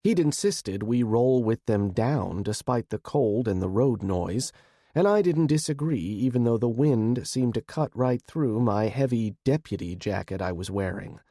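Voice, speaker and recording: Mellow male audiobook narrator. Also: medium pitch, lively intonation, a little slow, no room sound, clean studio sound. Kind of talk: first-person audiobook narration.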